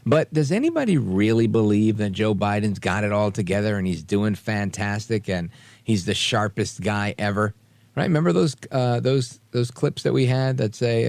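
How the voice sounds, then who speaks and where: A man's voice: lowish voice, moderate pace, creaky, no echo. A man hosting a talk radio show, talking sarcastically and mocking the people he quotes. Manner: sarcastic, animated, mocks quoted voices.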